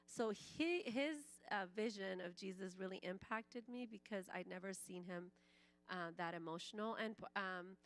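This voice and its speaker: A woman's voice: medium pitch, unhurried. A woman in her forties, raised in Iran and a native Farsi speaker, tells her testimony at church in a chatty storytelling way. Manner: conversational storytelling, frequent "like", acts out quoted speech.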